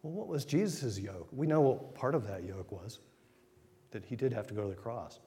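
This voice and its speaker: A man giving an informal sermon, retelling scripture in a conversational way with quick acted asides. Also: medium pitch, expressive, dark tone. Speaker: preacher. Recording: long hall reverb.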